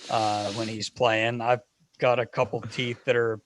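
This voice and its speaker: A man, a hockey equipment manager, telling a lively story as a podcast guest. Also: mid-range voice, unhurried, no room sound. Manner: lively anecdotal storyteller acting out dialogue. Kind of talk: casual storytelling in a podcast interview.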